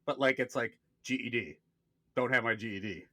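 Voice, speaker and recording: A man in his thirties, co-hosting a casual podcast, telling a story with lively acted-out quotes and plenty of swearing. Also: medium pitch, normal speed, no room sound. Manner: animated storyteller, acts out quoted people, swears freely. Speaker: podcast co-host.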